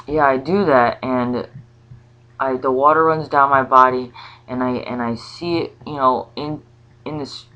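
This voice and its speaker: A woman talking casually about a spiritual ritual, rambling and halting with many restarts. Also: very deep voice, pushed and bright. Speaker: vlogger. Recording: slightly dull lo-fi sound.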